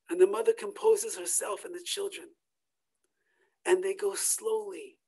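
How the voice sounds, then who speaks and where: Brief: a Torah teacher delivering a slow, dramatic sermon story with loud peaks and hushed drops. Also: mid-range voice, rough recording. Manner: swings from loud emphatic peaks to hushed near-whispers.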